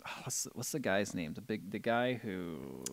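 A man's voice: fairly low pitch, very animated, normal speed, gravelly, no room sound. Rambling man recapping a movie. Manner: rambling, acts out lines in goofy voices. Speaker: podcast co-host. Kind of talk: casual movie recap chat.

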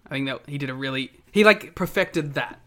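A man's voice: mid-range voice, brisk, bright, forceful tone. A young Australian man with an Australian accent, co-hosting a podcast in casual, wry, laughing chat. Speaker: podcast co-host.

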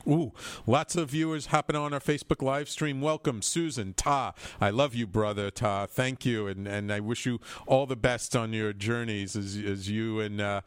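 A man's voice: on the low side, steady tone, normal speed, smooth, no echo. Enthusiastic rambling male radio host. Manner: enthusiastic, rambling with many fillers. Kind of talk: casual radio talk with read quotes.

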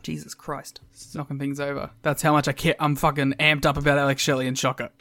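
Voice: mid-range voice, flat delivery, quick pace, noisy background. A podcast co-host in casual chat, sarcastic and swearing freely, with dry jokes.

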